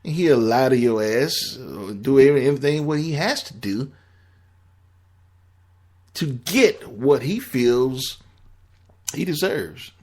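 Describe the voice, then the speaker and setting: A man's voice: medium pitch, expressive, slow pace, long pauses, darkish tone. A man giving blunt, profane relationship advice in a casual, rambling monologue.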